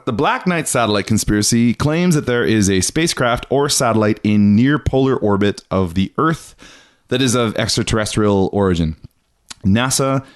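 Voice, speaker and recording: A man hosting a casual podcast chat, chatty and laughing, acting out the people he talks about. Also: on the low side. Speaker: podcast host.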